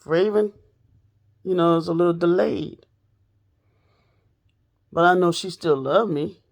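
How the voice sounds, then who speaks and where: Gravelly, blunt woman telling a story. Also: lowish voice, takes it slowly. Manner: blunt and profane, talks straight to viewers. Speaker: storytelling vlogger. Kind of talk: casual storytime monologue.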